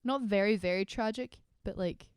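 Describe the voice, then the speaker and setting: A woman's voice: mid-range voice, moderate pace, clear, resonant tone, no echo, studio quality. A young Scottish woman co-hosting a casual book podcast, bubbly and gushing, laughing easily. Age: young adult. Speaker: podcast co-host. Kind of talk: casual chat.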